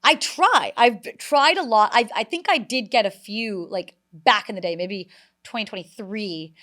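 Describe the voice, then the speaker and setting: A woman in her thirties, a comedian guest on a podcast, telling stories in a lively way with many fillers. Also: mid-range voice, measured pace. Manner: animated storyteller, many "like" fillers. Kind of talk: casual podcast interview.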